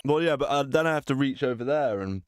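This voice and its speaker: A man's voice: mid-range voice, lively intonation, fast talker, smooth, no room sound. A man streaming a retro game, chatting in a casual, self-deprecating way. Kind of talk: casual chat while gaming. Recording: game music behind voice. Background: game music.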